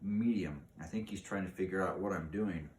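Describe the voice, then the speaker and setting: A jittery young male crow frets and chatters in a low, deep voice, as a man reads him aloud from a storybook. The sound is echoey, picked up from a distance with a faint hiss underneath. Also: moderate pace, darkish tone, close to an everyday voice. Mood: anxious. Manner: anxious, talkative. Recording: echoey room, distant mic, faint noise.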